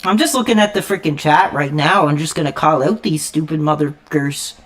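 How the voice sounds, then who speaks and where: A woman's voice: low-pitched, a little fast. Woman streamer, furious live rant, profane and stammering. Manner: repeats "frickin'" constantly. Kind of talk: angry live-stream rant while gaming.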